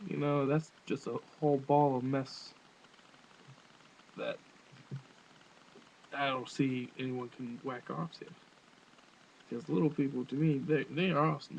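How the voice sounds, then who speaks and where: A male vlogger with a mid-range, slightly mellow voice and vocal fry goes on a crude, rambling comedic rant into his webcam, laughing often. The webcam microphone gives dull audio with a faint hiss.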